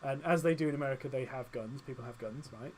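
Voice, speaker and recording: A man's voice: medium pitch, fast talker, darkish tone, a little hiss or hum, low-quality recording. A young British man co-hosting a casual radio show, joking and reading out news items in a studio.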